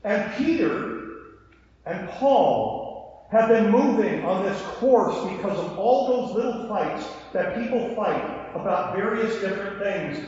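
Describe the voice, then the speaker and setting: A man preaching a sermon as pastor, telling the story with acted dialogue and lively asides, recorded in a church sanctuary. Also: sits high, takes it slowly. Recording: echoey hall, dull lo-fi sound.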